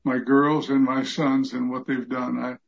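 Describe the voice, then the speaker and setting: Old guy in his 80s, gravelly, talking heartfelt and emotional on a muffled video call. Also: mid-range voice, flat delivery, unhurried. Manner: earnest, emotional, praising. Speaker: fellowship group member. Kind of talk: heartfelt testimony in group chat.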